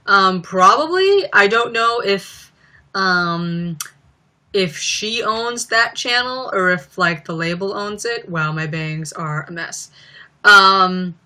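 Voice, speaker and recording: A woman's voice: medium pitch, drawn-out words, pushed and bright. A young woman chatting casually on a live stream, a little stuffy from a cold, often giggling and acting out bits in silly voices. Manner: giggly, acts out comedy sketches in silly voices.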